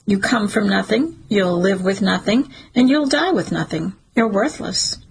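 A bitter, dying mother spitting scorn in a husky, raspy voice with a gravelly edge, as a woman narrator puts her on. Her words come out cutting and contemptuous, told in a storybook reading. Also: mid-range voice, expressive, unhurried, heavily acted, low-quality recording. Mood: scornful. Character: desperate wounded mother, sharp-tongued and bitter.

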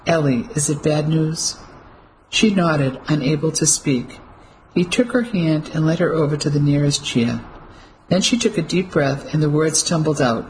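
A narrator reading a novel aloud in a measured, even way, at a middle pitch. A faint hiss of background noise sits under the voice. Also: low-quality recording. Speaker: audiobook narrator. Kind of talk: scripted narration.

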